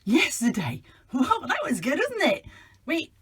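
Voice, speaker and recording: A woman's voice: high-pitched, huge pitch swings, a little slow, a bit bright, full character voice. A woman playing a cheerful hat-collecting storyteller, chatting playfully with children. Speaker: children's club presenter. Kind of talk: children's show role-play.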